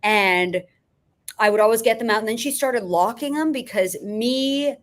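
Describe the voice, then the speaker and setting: A woman's voice: fairly high pitch, normal speed. A woman filmmaker guest on a podcast, telling profane, rambling anecdotes and often laughing. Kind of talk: casual storytelling.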